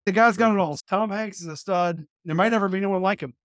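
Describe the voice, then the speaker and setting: A man's voice: high-pitched, quick pace, no echo, clean studio sound. A man in his thirties, a podcast guest and former college football player, telling an anecdote in a casual, playful, self-deprecating way.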